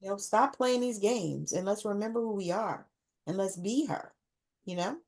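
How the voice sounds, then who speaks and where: Woman podcast host, gushing and chatty, quick to laugh, mid-pitched voice. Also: a little mellow. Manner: effusive, laughs often, repeats words for emphasis. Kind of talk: casual interview wrap-up.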